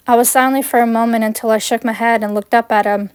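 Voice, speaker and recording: A woman's voice: on the high side, fairly even intonation, quick pace, hardly any pauses, clean tone, no echo. A woman reading her own fan fiction aloud in first person, in a plain, earnest way.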